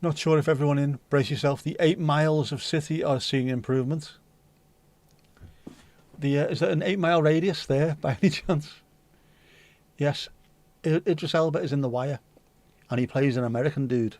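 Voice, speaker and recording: A man's voice: on the high side, moderate pace, pauses often, darkish tone, no echo. A man hosting a livestream, chatting casually and rambling while reading out viewer comments, with the odd swear word. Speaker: livestream host.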